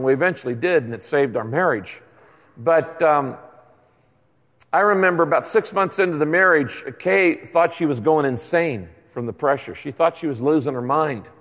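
A man in his sixties preaching a sermon as pastor, telling stories in a conversational, humorous way in a large church auditorium. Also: on the high side. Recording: long hall reverb.

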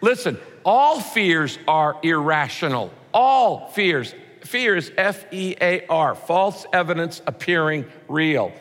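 Animated pastor preaching in a hall. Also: male voice, fairly high pitch, slow pace, few pauses. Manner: punchy rhymes and mock quotes, animated. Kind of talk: sermon.

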